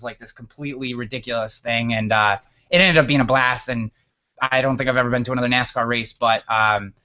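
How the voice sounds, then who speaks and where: Bright-voiced upstate New York man. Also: mid-range voice, dull audio. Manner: animated, repeats words and restarts often. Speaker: guest author. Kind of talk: casual storytelling interview.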